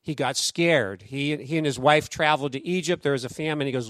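A man preaching a sermon in a conversational, animated storytelling way, acting out quoted voices. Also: a little high, fairly quick, few pauses, no echo, studio quality. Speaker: pastor.

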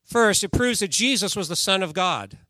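Bright, high-voiced male preacher. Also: lively intonation, normal speed, no echo. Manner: conversational preaching, reads scripture aloud, asks the congregation questions. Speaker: pastor. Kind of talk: sermon.

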